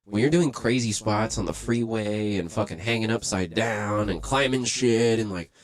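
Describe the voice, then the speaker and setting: A man's voice: on the low side, normal speed. A young man telling a story in casual, profane talk, acting out the voices of the people he quotes. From Los Angeles. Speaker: livestream host.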